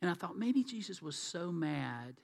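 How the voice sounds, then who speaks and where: A man's voice: high-pitched, big pitch swings, measured pace, gravelly. A man preaching a sermon in a conversational, folksy way. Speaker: pastor. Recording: reverberant hall.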